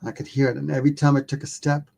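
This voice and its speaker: Male podcast guest, mid-pitched, a casual and self-mocking storyteller who swears offhandedly. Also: flat delivery, very fast, creaky, warm tone. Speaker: podcast guest, documentary filmmaker.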